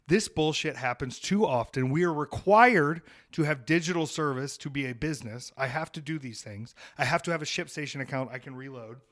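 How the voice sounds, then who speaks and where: Man, podcast host, fired-up profane rant, fairly high voice, young adult. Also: brisk, hardly any pauses, fairly bright tone. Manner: profane, heated and emphatic. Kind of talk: ranting podcast monologue.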